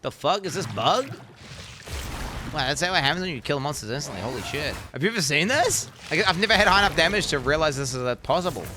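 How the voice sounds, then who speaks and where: Streamer type: young man, casual foul-mouthed chatter, lively swooping pitch. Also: quick pace, background noise. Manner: profane, rambling, bursts into excited yells. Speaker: game streamer. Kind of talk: casual live-stream gaming chat.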